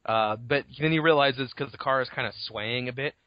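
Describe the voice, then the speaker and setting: A man's voice: medium pitch, brisk, no room sound. A man co-hosting a podcast, casually recapping a novel chapter with lots of swearing and acted-out lines. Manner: rambling recap, swearing, acts out characters' lines. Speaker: podcast co-host. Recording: dull lo-fi home recording.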